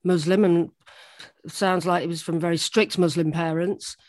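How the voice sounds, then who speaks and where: Gentle interviewer, dry close sound. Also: medium pitch, fairly even intonation, moderate pace, dry recording. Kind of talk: sympathetic interview.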